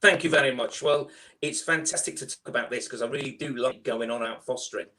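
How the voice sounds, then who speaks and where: A middle-aged man with a Liverpool accent telling his fostering story in a loud, chatty, animated way. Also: medium pitch, brisk. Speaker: foster carer guest. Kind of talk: casual storytelling.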